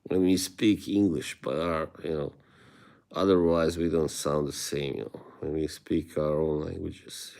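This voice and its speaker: A man with a Bosnian accent and a very low voice, talking slowly and easily as he answers viewers on a livestream. He chuckles often and lets his sentences trail off. He speaks into a phone held close to his face. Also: steady tone, creaky, darkish tone. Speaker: livestream host.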